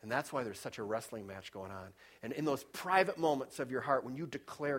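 A man's voice: medium pitch, brisk, hardly any pauses. Male preacher, fervent storyteller, mid-range voice, dynamic swings in volume for emphasis. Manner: storytelling, rises and drops in loudness for emphasis. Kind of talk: sermon.

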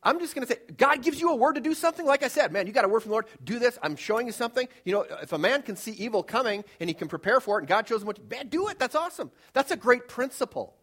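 A male pastor preaching a sermon in a conversational, emphatic way, moving between loud urging and hushed storytelling. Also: very high-pitched, animated, rapid-fire, few pauses.

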